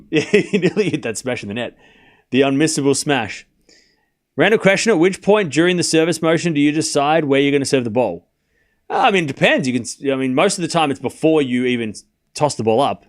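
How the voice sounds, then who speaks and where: During a live tennis watchalong, the host, whose voice is fairly high and animated, keeps a fairly quick pace as he calls points. He chats casually and laughs often, talking directly to his chat.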